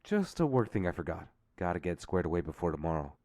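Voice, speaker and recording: A woman voicing a smooth, evasive young man, in a deep put-on voice, making hesitant excuses as he leaves. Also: very animated, fast, warm tone, no echo, studio quality.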